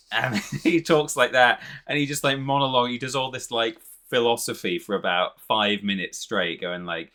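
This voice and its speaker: A man's voice: lowish voice, normal speed, bright, forceful tone. A man hosting a live stream, chatting casually and rambling with amusement about clips he plays. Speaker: streamer host.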